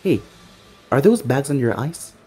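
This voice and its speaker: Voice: medium pitch, animated, normal speed, mellow, slightly rough. A storyteller voicing a cheerful, easygoing young male ninja who talks in an upbeat, casual way, over faint background music.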